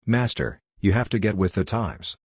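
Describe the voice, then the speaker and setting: A man voices an arrogant young disciple who has turned on his master, low and sneering in tone. The voice sits very deep and the recording is dry and close. Every line drips with smug menace. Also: big pitch swings, moderate pace, husky, no room sound, exaggerated voice. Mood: scornful. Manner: smirking, savage. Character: scheming young male traitor disciple, arrogant.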